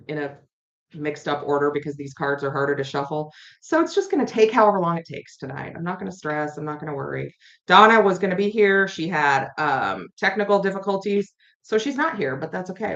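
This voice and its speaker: A woman's voice: low voice, fairly bright tone. Chatty woman giving a tarot reading. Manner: chatty, rambling, repeats herself and talks to viewers in chat. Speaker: tarot reader hosting a live stream. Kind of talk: casual live-stream tarot reading. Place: her home. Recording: dull lo-fi audio.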